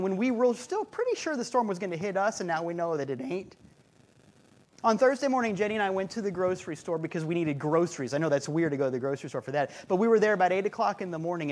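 A man preaching a sermon as a pastor, telling stories with humor and driving points home through repetition. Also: on the high side. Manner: conversational, humorous storytelling with rhythmic repetition.

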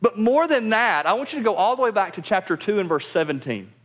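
A man with a high-pitched voice preaches a sermon as pastor. He speaks with emphasis and repeats his key phrases for weight. He addresses his congregation directly. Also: sing-song, quick pace, a bit bright.

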